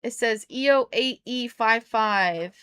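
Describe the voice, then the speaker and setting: A woman's voice: fairly high pitch, slow, a bit bright, clean tone, dry recording, studio quality. A young American woman chatting casually on a live stream, playful and rambling as she talks to her viewers while tinkering. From United States.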